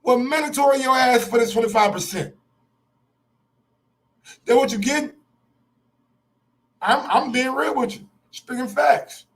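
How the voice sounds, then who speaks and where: A man's voice: very high-pitched, a little slow, long pauses, fairly bright tone. A man hosting a sports show, ranting in a heated, profane live-stream style, repeating his points for emphasis.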